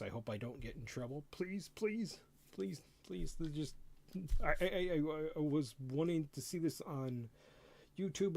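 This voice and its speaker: A middle-aged man streaming live, giving casual first impressions of a game rulebook in an excitable way that is full of stammers and repeated words. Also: medium pitch.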